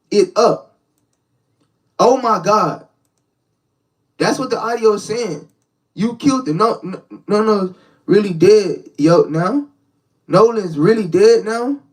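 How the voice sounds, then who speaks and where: A young adult man with a high-sitting voice is recorded on a distant mic with poor audio. Hosting a live reaction stream as a street preacher, he talks in slangy, casual fashion, repeating words and speaking straight to the chat.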